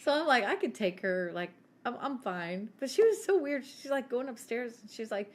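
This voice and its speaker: A woman's voice: on the high side, lively intonation, a little fast, hardly any pauses. Brash, swearing woman telling stories. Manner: brash, laughing, swears often. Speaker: podcast co-host. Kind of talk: casual storytelling chat.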